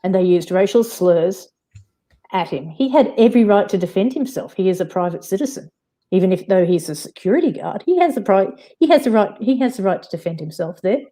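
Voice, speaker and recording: A woman's voice: medium pitch, lively intonation, a little fast, warm tone. A woman with an Australian accent, a guest on a live-stream panel, arguing insistently with many restarts. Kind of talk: heated casual argument.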